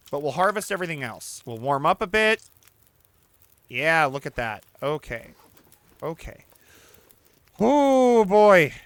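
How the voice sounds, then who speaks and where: A man hosting a let's play, commenting casually and getting excitable, swearing and shouting when things go wrong. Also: on the high side. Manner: talks to the player character and the audience.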